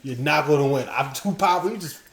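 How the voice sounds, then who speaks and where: Excitable man in an echoey room. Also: a little high, quick pace, a little hiss or hum. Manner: excitable, quotes characters in animated bursts. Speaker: podcast co-host. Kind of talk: casual chat, ranking episodes.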